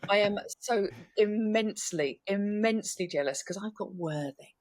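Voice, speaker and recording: A woman's voice: medium pitch, moderate pace, no room sound. A woman hosting a podcast, chatting casually and poking fun at herself. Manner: chatty, friendly, self-deprecating. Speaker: podcast host. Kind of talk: casual interview chat.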